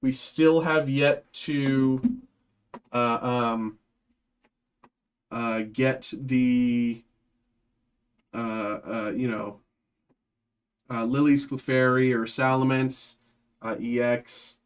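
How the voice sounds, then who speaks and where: Young male stream host, casual and rambling, mid-pitched, lots of fillers. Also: steady tone, extremely slow, pauses often, smooth. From Massachusetts, outside Boston. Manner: rambling, many fillers and restarts. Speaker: card break host. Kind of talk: casual live-stream chat while opening packs.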